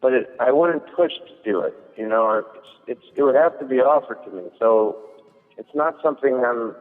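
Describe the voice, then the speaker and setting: A man's voice: medium pitch, normal speed. Male comedian, rambling anecdote, lots of fillers, tinny phone-like sound, echoey. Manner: rambling, storytelling, frequent fillers and restarts. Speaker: guest comedian. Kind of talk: casual chat. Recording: thin phone-like sound with long echo.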